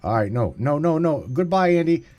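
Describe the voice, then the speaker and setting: A man runs a casual live call-in stream, rambling and swearing through his tech trouble. His voice leaps up and down in pitch. Faint music plays behind him. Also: big pitch swings, moderate pace, dull audio. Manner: rambling, swearing, bursts of exasperation. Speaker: podcast host.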